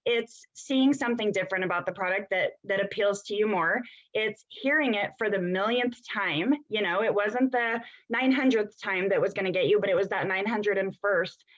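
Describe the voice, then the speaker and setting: A woman's voice: mid-range voice, moderate pace, hardly any pauses, fairly bright tone. Chatty woman on a dull video call. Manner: chatty, laughs easily, many fillers. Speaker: co-host. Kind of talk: casual sales coaching on video call.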